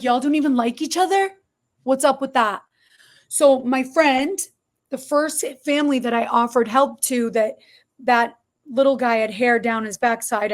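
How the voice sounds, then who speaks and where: A middle-aged woman, a podcast guest telling her story in an animated, expressive way. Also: fairly high pitch. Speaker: podcast guest, barber shop owner. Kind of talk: storytelling interview.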